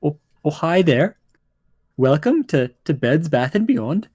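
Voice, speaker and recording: A man's voice: on the high side, big pitch swings, measured pace, warm tone, slightly rough, dry recording, studio quality, voice pushed up, full character voice. A man voicing a small, nervous male gnome shopkeeper who stammers and slips into a put-on Scottish lilt. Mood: cheery. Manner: stammering, flustered, tries a Scottish accent.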